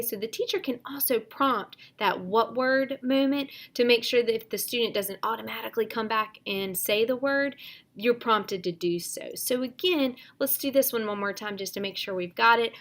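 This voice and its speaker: A woman's voice: a little high, a bit bright. Woman teacher explaining reading drills. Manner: measured, explanatory, with many "um" fillers. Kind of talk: instructional lesson, modeling drills.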